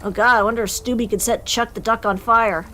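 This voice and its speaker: A woman hosting a casual game stream on a voice call, giggling often and reacting in short quick remarks. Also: on the high side, fairly even intonation, sharp tone, faint music behind. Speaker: streamer host. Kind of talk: casual chat while gaming.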